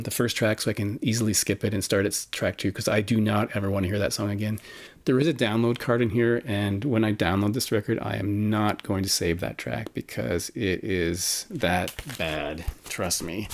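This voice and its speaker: A man casually reviewing vinyl records he bought, frank and opinionated, with plenty of fillers and restarts. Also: fairly low pitch. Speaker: record collector vlogger.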